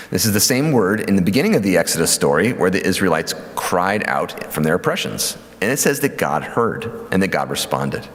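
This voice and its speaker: A man giving a church lecture on scripture, lively and conversational with many fillers and asides. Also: low voice. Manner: lively teaching with fillers and acted quotes. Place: church hall. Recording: hall reverb.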